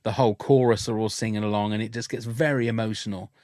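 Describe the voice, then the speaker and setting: A man's voice: lowish voice, fairly even intonation, fast, a little mellow, no echo, clean studio sound. A man talking as a podcast guest, telling candid stories in casual chat with lots of restarts. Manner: chatty, candid storytelling with frequent restarts.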